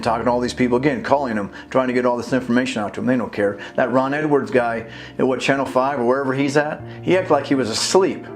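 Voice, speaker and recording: A man telling a long story in an indignant, rambling way, acting out conversations with many restarts. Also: mid-range voice. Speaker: video blogger and activist. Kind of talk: casual storytelling monologue. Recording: faint guitar music behind.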